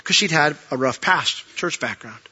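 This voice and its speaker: A man's voice: a little high, lively intonation, normal speed, bright, forceful tone, slightly rough, lo-fi sound. A man preaching from a church pulpit, telling personal stories earnestly with frequent restarts and closing in prayer.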